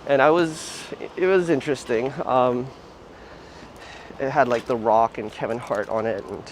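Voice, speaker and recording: A man's voice: mid-range voice, measured pace, slight background noise, poor audio. A man hosting a casual livestream outdoors on city streets, chatting in a rambling way with lots of fillers. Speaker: livestream host.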